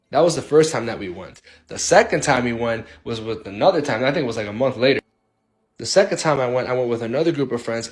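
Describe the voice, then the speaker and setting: Young man from Illinois, laid-back storyteller, curses a lot, does quick voices for his friends. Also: medium pitch. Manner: animated, acts out friends' quotes, swears freely. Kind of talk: casual spoken ghost story.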